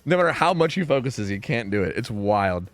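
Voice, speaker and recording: Fast-talking Pennsylvania guy streaming. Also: mid-range voice. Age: 30s. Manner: rambling, swears a lot, animated storytelling. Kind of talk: casual gaming stream chat.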